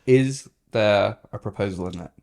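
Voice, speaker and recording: A young man co-hosting a podcast in relaxed casual chat, agreeable and quick to laugh. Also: fairly low pitch, gravelly. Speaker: podcast co-host.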